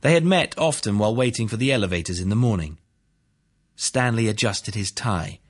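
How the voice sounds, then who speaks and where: A man narrating a courtroom story in a steady, even reading. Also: fairly low pitch, fairly quick.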